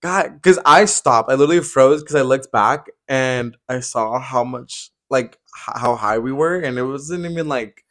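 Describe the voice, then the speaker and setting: Laid-back young man, mid-pitched. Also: moderate pace, few pauses, fairly bright tone. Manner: laughs often, chimes in with short remarks. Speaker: podcast co-host. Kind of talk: casual chat.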